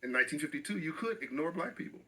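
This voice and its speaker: A man's voice: fairly high pitch, animated, rapid-fire, pushed and bright, a little hiss or hum, low-quality recording. A middle-aged man speaking as an interview guest, passionate and emphatic, often repeating phrases for stress.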